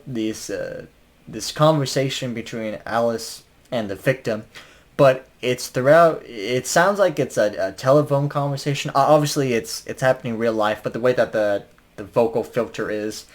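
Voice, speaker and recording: A man talks through an album review in an easygoing, unscripted way. He trips over his words, fills gaps with "uh" and "like", and lets out a chuckle now and then. His voice sits at an ordinary, mid-range pitch. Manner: rambling, many fillers and restarts; chuckles while talking. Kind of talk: casual spoken review.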